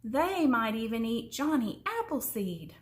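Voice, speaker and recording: A woman reading a children's story aloud in an expressive way, slowing down for suspense. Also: a little high. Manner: expressive, slows down for suspense, sometimes drops to a whisper.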